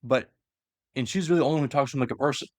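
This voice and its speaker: A man's voice: medium pitch, rapid-fire, a little mellow, no room sound, clean studio sound. A man casually retelling a story in a loose, rambling way with many fillers. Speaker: lore explainer. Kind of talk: casual lore chat.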